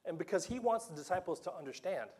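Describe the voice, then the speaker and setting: A man preaching a sermon to a congregation, animated and playful, acting out the dialogue of the scripture story with laughs and asides. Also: high-pitched, fast talker, slightly rough. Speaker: pastor.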